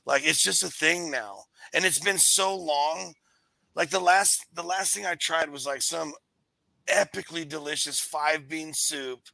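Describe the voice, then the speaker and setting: A man's voice: a little high, measured pace, creaky, dry recording, poor audio. A man hosting a casual show, rambling through stories and reading the live chat. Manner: rambling, animated storyteller.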